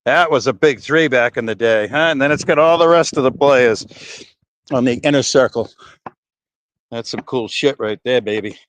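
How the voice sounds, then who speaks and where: A man's voice: mid-range voice, moderate pace, a bit bright. A man live-streaming while he walks outdoors, chatting loosely and profanely to his viewers and slightly out of breath. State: out of breath from walking. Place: outdoors in wind and breeze.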